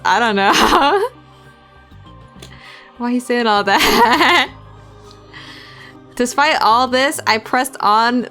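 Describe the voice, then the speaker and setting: Brief: young female streamer, mid-pitch, even narration with giggly asides, faint music beneath. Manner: reads narration evenly, breaks into giggly casual asides. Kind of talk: reading a visual novel aloud on stream.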